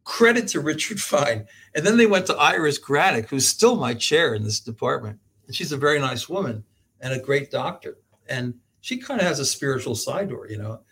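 A man's voice: a little high, big pitch swings, a little fast, fairly bright tone, husky. A man talking as a guest professor on an interview show, telling stories animatedly and laughing often. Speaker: guest, medical school professor. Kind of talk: storytelling interview talk.

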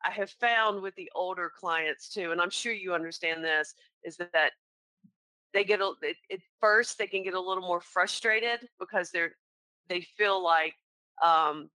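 A woman's voice: on the low side, unhurried, sharp tone, no echo, poor audio. A woman in her forties from North Carolina with a Southern accent, telling stories in casual conversation about her work in claims. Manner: chatty, storytelling, laughs often. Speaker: insurance claims professional.

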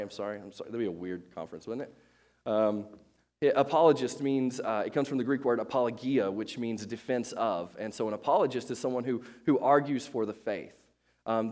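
A male pastor in a relaxed, conversational sermon, talking to the room as if chatting with friends. He jokes at himself and trips over restarts and fillers, at an ordinary middle pitch. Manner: chatty, self-deprecating, with many fillers and restarts. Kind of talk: casual sermon.

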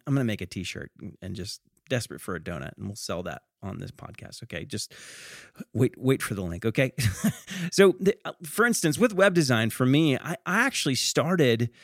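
A man's voice: mid-range voice, no echo, clean studio sound. A middle-aged man hosting a casual motivational podcast. He talks in a chatty, stammering way and keeps tagging his lines with "okay?" and "right?". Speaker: podcast host.

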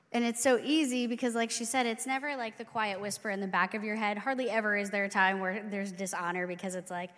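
A woman's voice: medium pitch, little pitch movement, fast, hardly any pauses, a bit bright. A woman and parent giving an encouraging church youth talk, upbeat and affirming as she speaks straight to the audience. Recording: echoey hall reverb.

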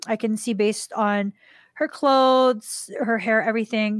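A woman's voice: a little slow, no echo. Woman telling a story, dry sound. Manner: animated, acts out quoted dialogue in a higher voice; drops to a soft, hushed voice for tender moments. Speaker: podcast host. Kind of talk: casual storytelling.

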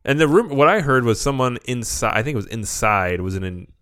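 A man's voice: mid-range voice, expressive, brisk, a bit bright, clear, resonant tone, no room sound. A man co-hosting a podcast, chatting casually and telling stories with animation. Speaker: podcast co-host. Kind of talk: casual chat.

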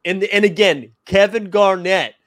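This podcast co-host of a laid-back sports talk show shares lively anecdotes, laughing as he goes. His voice is high-pitched, a bit bright, and unhurried.

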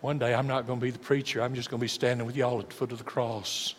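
A man preaching a sermon as pastor, swinging dramatically between booming and hushed delivery. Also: level tone, quick pace, slight background noise. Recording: long church hall reverb.

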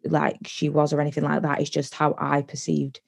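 A woman's voice: sits low, completely flat delivery, vocal fry. A young woman casually telling a personal story on a podcast, chatty with lots of "like" fillers. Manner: chatty, many likes, quick bursts of laughter-ready storytelling. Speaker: podcast guest.

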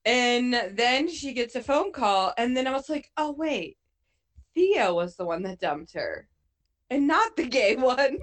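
A woman's voice: on the high side, sing-song, measured pace. A woman recapping a movie in casual chat, swearing a lot and acting out her own reactions. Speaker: co-host.

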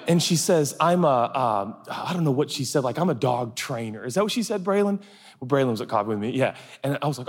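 Animated man preaching in a reverberant hall. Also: on the high side, fast talker. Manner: animated, acts out voices for comic anecdotes. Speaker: pastor. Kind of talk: sermon storytelling. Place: large hall with audience.

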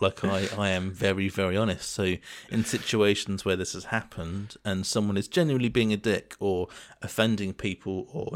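A man in casual chat as a co-host, talking earnestly in long, searching sentences. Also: on the low side. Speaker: podcast co-host.

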